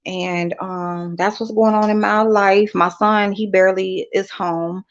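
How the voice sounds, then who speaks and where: A woman's voice: medium pitch, steady tone, unhurried. A middle-aged woman in casual chat with her viewers, who laughs often and swears freely. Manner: chatty, laughs often, uses curse words. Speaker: livestream host. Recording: slightly dull lo-fi stream audio.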